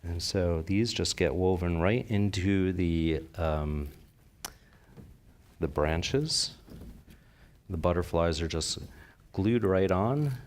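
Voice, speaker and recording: Man, very low voice, slow unhurried delivery, enthusiastic floral design demo, asks the audience questions. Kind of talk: live design demonstration. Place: convention stage before an audience.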